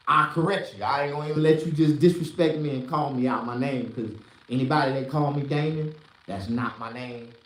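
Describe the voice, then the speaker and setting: A man doing a profane, rambling stand-up rant, jumping from shouted bursts to low mutters. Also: distant mic. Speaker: stand-up comedian. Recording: echoey room, voice off-mic.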